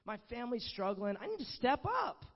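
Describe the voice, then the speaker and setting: A man's voice: very high voice, sing-song, fairly quick, creaky. A young man giving an earnest, conversational sermon, telling a personal story with many "you know" asides. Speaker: preacher. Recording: dull, muffled sound with long hall reverb.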